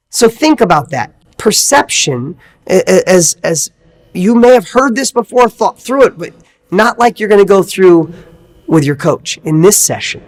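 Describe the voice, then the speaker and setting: A man giving an energetic motivational coaching talk, emphatic and full of repeated questions. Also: high voice, normal speed. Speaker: motivational speaker.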